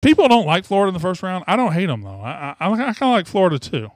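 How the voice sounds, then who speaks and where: A man's voice: high voice, big pitch swings, rapid-fire, no room sound. A man hosting sports talk radio, fired up and opinionated, rambling from one take to the next.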